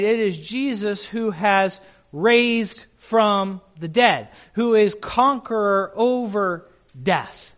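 A male pastor preaching a sermon in an emphatic way, putting questions to the congregation. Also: high voice.

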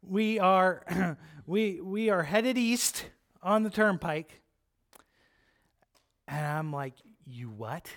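A man preaching, telling a personal story in an animated, chatty way, with lots of "like" and "right?". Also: high voice, drawn-out words, pauses often. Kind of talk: storytelling sermon.

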